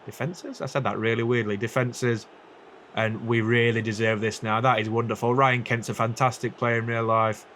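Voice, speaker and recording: A young man casually commentating a football video game, chatty and sweary, with quick asides and self-corrections. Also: mid-range voice, little pitch movement, fairly bright tone, a little hiss or hum. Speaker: gaming YouTuber.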